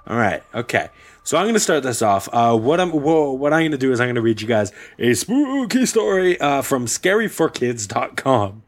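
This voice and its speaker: A man's voice: medium pitch, very animated, normal speed. A man hosting a casual podcast and reading a story aloud with playful humor. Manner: playful, laughs often. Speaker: podcast host.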